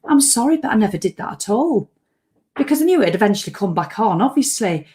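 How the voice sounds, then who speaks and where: A woman's voice: medium pitch, sing-song, brisk, mellow. A woman who runs an online business, talking casually and emotionally to camera and acting out her own anxious thoughts. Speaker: online business owner and vlogger. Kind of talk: casual reflective talk to camera.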